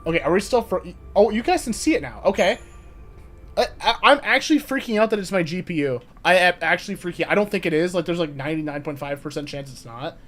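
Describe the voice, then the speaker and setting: A young man chatting live on a game stream, excitable and swearing, laughing often and talking to his chat. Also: high-pitched, fast talker, faint music behind.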